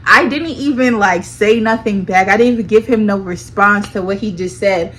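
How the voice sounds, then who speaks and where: A young woman telling a personal story to her viewers in a dramatic, animated, slang-heavy way, often calling them y'all. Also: mid-range voice, moderate pace. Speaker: storytime vlogger. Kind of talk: casual storytelling.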